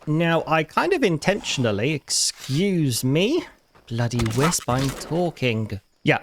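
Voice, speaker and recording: A man giving casual commentary over his own gameplay as a regular video maker, chatting to the characters and breaking into bursts of mock outrage. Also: a little high. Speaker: gaming YouTuber.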